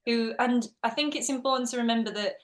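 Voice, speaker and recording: A woman with an Essex accent, a drama teacher giving quick, chatty answers in an interview and laughing easily. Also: on the high side. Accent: Essex English. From England. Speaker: guest, drama teacher and actress. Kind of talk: casual interview chat.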